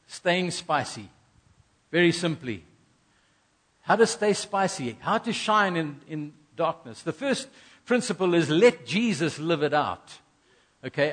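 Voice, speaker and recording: A man's voice: a little high, slightly rough. A middle-aged man from South Africa preaching a sermon, earnest, repeating key phrases and acting out little asides. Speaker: pastor.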